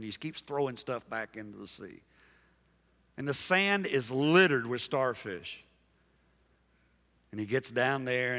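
A man preaching a sermon as pastor, emphatic and dynamic, dropping soft and then rising loud while he calls out to the congregation. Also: mid-range voice. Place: large church sanctuary. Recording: long hall reverb from a big church.

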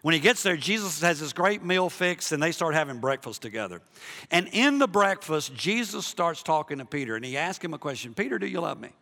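A forceful, bright-voiced man preaching with fervor, his pitch sitting a little high. He swings from hushed lines to loud, driving ones and doubles back on his words. A long reverb from a big church hall trails every phrase. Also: very animated, a little fast. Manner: impassioned, swings between hushed and loud, repeats himself. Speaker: pastor. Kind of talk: sermon.

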